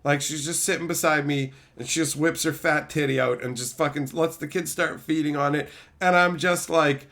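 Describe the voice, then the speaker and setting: A man's voice: fairly high pitch, fairly even intonation, normal speed, a bit bright. A man streaming a casual chat, talkative and swearing often. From Newfoundland, Canada. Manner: chatty, swears a lot.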